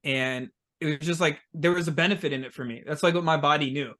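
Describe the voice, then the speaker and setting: A man talking as a podcast guest in a relaxed, rambling way, with lots of "like" and "um". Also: fairly high pitch, fast talker. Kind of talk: casual interview chat.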